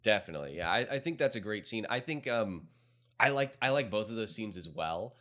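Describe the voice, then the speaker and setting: A man's voice: fairly low pitch, expressive, fairly quick, sharp tone. A man co-hosting a movie review podcast, chatting casually and making the odd joke. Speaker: podcast co-host.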